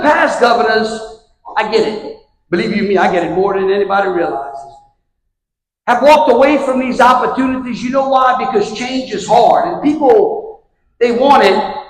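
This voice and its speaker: Louisiana guy giving a down-home speech, high voice, big echoey hall with long reverb. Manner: drawling storyteller, rhetorical questions to the crowd. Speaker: governor giving a luncheon speech. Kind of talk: folksy public speech with anecdotes. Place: large event hall at a luncheon.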